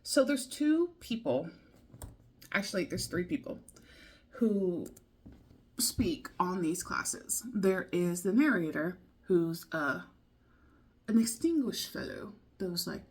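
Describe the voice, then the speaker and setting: A woman's voice: lowish voice, very animated, slow, pauses often, husky. A woman learning a language, talking it over casually in a video diary, thinking aloud in a loose, rambling way.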